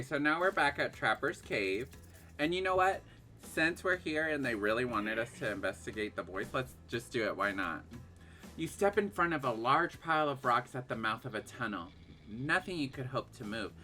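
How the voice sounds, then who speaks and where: A woman gaming streamer reads game text aloud and reacts loudly, laughing and shrieking at each surprise. Her pitch jumps around a lot and her voice is bright and forceful. Game music plays faintly behind. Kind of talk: let's-play commentary, reading game text aloud.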